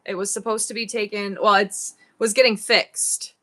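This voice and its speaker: Fast-talking, bright-voiced woman seller. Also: mid-range voice, little pitch movement. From upstate New York. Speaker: online auction seller. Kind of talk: live-stream selling chat.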